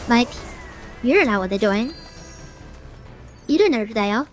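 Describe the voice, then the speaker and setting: A woman's voice: on the high side, lively intonation, normal speed, soft background music. A young woman streamer in casual gameplay commentary, ranting in a chatty way with many fillers. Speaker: gaming streamer.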